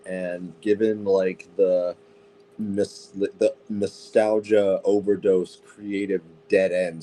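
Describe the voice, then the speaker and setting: A man's voice: fairly low pitch, mellow, slight background noise, poor audio. A man on a casual podcast chat, blunt and sarcastic, swearing freely as he gives his opinions. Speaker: podcast co-host.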